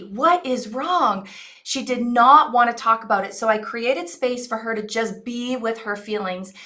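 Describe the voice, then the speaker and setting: A woman's voice: on the high side, sharp tone. A woman in her forties, an online business coach, earnestly telling a personal story to her audience in a reflective, coaching way.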